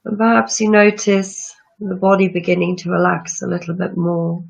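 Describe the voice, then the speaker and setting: A woman yoga teacher leading a guided breathing meditation with slow, soothing instructions. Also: on the low side, level tone, creaky, husky. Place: room with chairs, not a studio. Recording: dull lo-fi sound.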